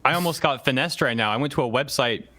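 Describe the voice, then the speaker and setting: A man's voice: medium pitch, quick pace, bright, forceful tone. A man who joins a casual livestream chat as a guest and tells a self-deprecating story.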